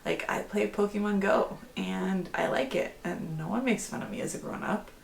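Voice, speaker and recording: A woman's voice: medium pitch, moderate pace, creaky, roomy sound, slight background noise. A middle-aged woman talking candidly in a personal vlog, rambling a little, restarting phrases and laughing often. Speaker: vlogger.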